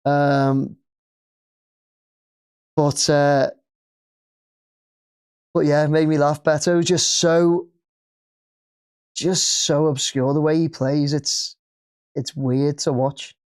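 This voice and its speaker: A man's voice: a little high, fairly even intonation, extremely slow, long pauses, a little mellow, clear, resonant tone. A man with an English accent hosting a live football watch-along, chatting casually and cheering at the play.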